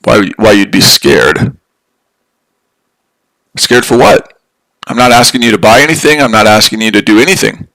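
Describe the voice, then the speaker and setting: A man's voice: on the low side, normal speed, creaky, pauses often, a bit bright, rough recording. Angry, profane man ranting on a live stream. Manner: profane, repetitive, heated. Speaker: livestream trading host.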